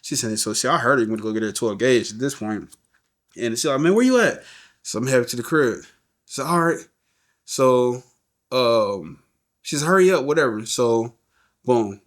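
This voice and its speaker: A man's voice: mid-range voice, measured pace, pauses often. A middle-aged man, a guest on a podcast, tells an emotional story in loose, slangy everyday talk. He keeps dropping "you know what I'm saying" and acts out the voices of the people in the story.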